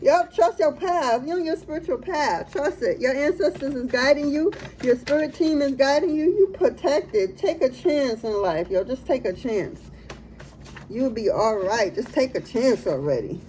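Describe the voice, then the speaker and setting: A woman's voice: high voice, lively intonation, moderate pace, darkish tone, a little hiss or hum, low-quality recording. Laughing, slangy woman tarot reader. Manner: laughs often, slangy and playful. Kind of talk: casual tarot reading.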